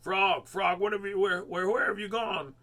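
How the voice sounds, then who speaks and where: A man voicing an excitable, show-off male toad who talks loudly and eagerly in a storybook read-aloud. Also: high voice, moderate pace, pitched above the performer's own voice. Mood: anxious. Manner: loud, eager, exclaiming. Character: boastful, excitable male toad, showy then anxious.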